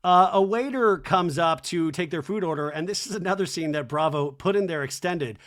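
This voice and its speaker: Casting note: chatty male podcast host, slightly high voice, rambling recap with wry asides. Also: normal speed, a bit bright. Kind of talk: casual recap commentary.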